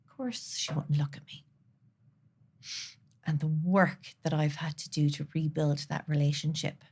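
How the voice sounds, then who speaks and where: A woman guest on a podcast, speaking earnestly and from the heart, sometimes dropping to a soft near-whisper. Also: deep voice, fairly even intonation, measured pace, long pauses, slightly rough. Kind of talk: candid conversational interview.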